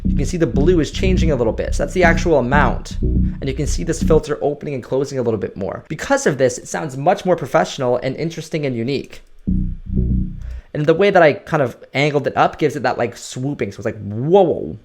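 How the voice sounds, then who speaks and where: A man's voice: a little high, fast. Guy walking through a production tutorial, chill and explainy, faint music under it. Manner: casual explanatory, says "right?" and "like" a lot. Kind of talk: screen-recorded production tutorial.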